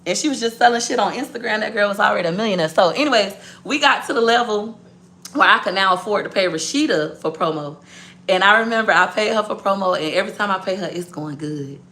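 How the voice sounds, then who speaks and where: A woman business owner telling a story to her viewers in a blunt, profane, animated way. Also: medium pitch, fast.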